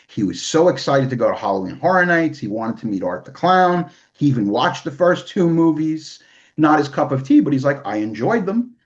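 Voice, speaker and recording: A man's voice: mid-range voice, highs cut off. A man from New hosting a podcast, talking emotionally and swearing freely in casual chat. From New York. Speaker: podcast host.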